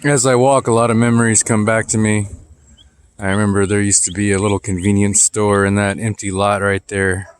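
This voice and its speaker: A man's voice: fairly low pitch, level tone, a little fast, clean tone. A man in his forties vlogging casually while out on a walk through his neighborhood, chatting in a rambling, nostalgic way with plenty of fillers. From Texas. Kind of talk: casual walking vlog. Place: outdoors walking through a neighborhood. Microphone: phone camera held while walking.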